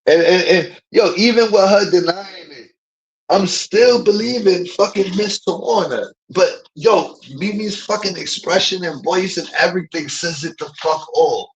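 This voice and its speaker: A man's voice: high voice, unhurried, a little hiss or hum, poor audio. Profane, ranting man streamer. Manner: profane, emphatic, repetitive fillers. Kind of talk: heated casual rant.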